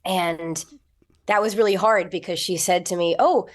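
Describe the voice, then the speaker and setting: A woman's voice: on the low side, steady tone, moderate pace. A young woman with an American accent, an actor talking chattily as an interview guest and laughing often. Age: young adult. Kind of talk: casual interview.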